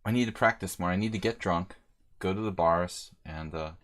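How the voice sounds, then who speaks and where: A middle-aged American plays chess on a live stream, reasoning out loud and bantering with viewers in a loose, joking manner. He has a low voice with a fairly bright tone and a moderate pace.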